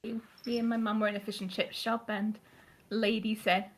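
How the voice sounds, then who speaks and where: A woman chatting casually as a guest on a voice call, telling a story with giggles and quick apologies. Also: mid-range voice, flat delivery. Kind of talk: casual chat.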